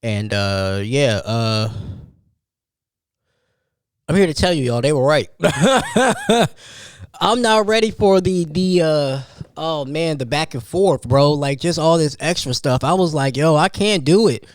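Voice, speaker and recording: Solo podcast host, man in his thirties, a bit high-pitched, rambling with restarts, dry recording. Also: slow, no echo. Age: 30s. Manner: rambling animated storytelling with restarts. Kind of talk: casual solo podcast monologue.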